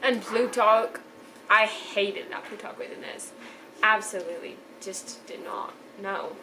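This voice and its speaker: A young woman talks through a book she loved in a loose, rambling vlog, gushing and trailing off mid-thought. Her voice sits at an everyday middle pitch, and a steady background hiss runs under the recording. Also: a little slow. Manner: chatty, gushing, trailing off and restarting. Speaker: book reviewer. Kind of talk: casual book review vlog.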